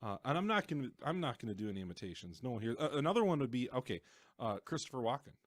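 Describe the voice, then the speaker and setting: A man's voice: medium pitch, sing-song, very fast, dry recording. A man co-hosting a podcast in a casual chat, joking at his own expense and stumbling over restarts. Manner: self-deprecating, tosses out ideas with stammered restarts. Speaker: podcast co-host.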